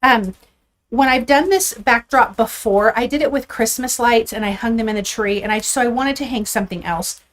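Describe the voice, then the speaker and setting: A woman with a slightly raised voice hosts a live card-making stream from her craft table. She chats casually and warmly with viewers as she handles supplies. She sounds a little out of breath. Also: fairly high pitch, moderate pace. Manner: chatty and upbeat, talks to viewers while handling supplies. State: a bit out of breath.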